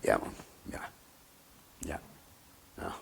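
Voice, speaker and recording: A man, talking bluntly and haltingly in a candid interview, often repeating himself. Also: slight background noise. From England. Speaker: interview guest.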